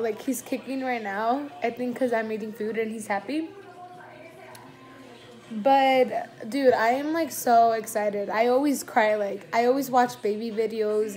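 A woman's voice: fairly high pitch, a little mellow. A young woman vlogger in a casual Q&A chat, teary and emotional, gushing with constant "like" fillers.

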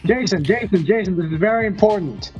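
A man's voice: high-pitched, expressive, fairly quick, darkish tone, faint music behind. A man playing a tabletop game in character, dry and questioning. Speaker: player. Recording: dull lo-fi mic.

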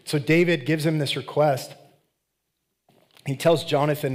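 A man's voice: on the high side, steady tone, measured pace, pauses often. A man preaching a sermon as a pastor. He reads scripture and retells it in a casual, conversational way with slangy asides.

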